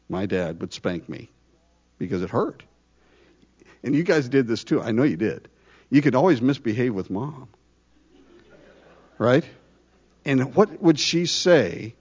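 A man preaches in an animated, conversational way, tossing rhetorical questions to his listeners. His voice sits at an ordinary middle pitch. The recording sounds dull and lo-fi. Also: slow pace, long pauses, slightly rough. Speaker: pastor. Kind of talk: sermon.

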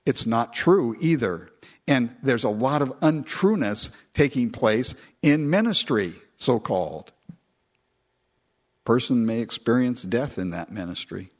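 A man preaching a sermon in a conversational, animated way, often chatting with listeners as he goes. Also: measured pace, highs cut off. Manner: conversational, animated, mimics people in falsetto quotes.

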